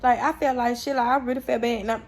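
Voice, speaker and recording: Gravelly young woman vlogger, candid and profane. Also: fairly high pitch, fast talker. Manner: candid, profane, animated retelling with quoted dialogue. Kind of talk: casual storytelling to camera.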